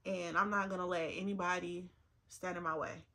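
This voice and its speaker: A woman's voice: lowish voice, steady tone, normal speed, sharp tone. A woman in her twenties chatting earnestly to camera while getting ready, repeating herself for emphasis and fighting back tears. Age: 20s. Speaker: vlogger. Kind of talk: casual get-ready-with-me chat.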